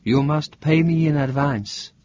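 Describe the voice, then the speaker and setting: A man voicing a wary, businesslike young woman with a soft Italian accent, in an audiobook reading. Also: on the high side, measured pace, no echo, voice pushed up, natural voice. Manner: soft, cautious. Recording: dull lo-fi dry recording.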